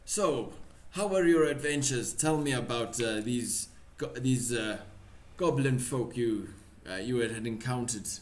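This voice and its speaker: A man's voice: mid-range voice, measured pace, few pauses, darkish tone, a little hiss or hum, natural voice. A man voicing a short, stocky, bristly-faced male smith with a put-on Russian accent, hearty and hospitable, speaking in broken grammar.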